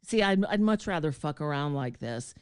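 A woman's voice: sits low, animated, normal speed, clean tone, no echo, studio quality. An older woman hosting a show in casual chat, talkative and laughing often. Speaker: show host.

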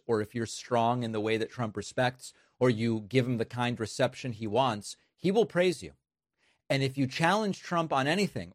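A man's voice: medium pitch, no room sound, clean studio sound. A man giving sarcastic political commentary on news clips, mocking what he plays.

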